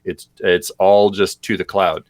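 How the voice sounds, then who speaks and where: A man's voice: low voice, flat delivery, a little slow, no echo. A man co-hosting a live stream, answering viewer questions in a loose, rambling way with lots of fillers. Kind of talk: casual live-stream chat.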